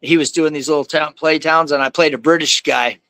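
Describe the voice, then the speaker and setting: A man speaking as a guest in casual conversation, telling stories in an animated way and acting out the people he quotes. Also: on the high side, brisk, no room sound, poor audio. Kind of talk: casual storytelling.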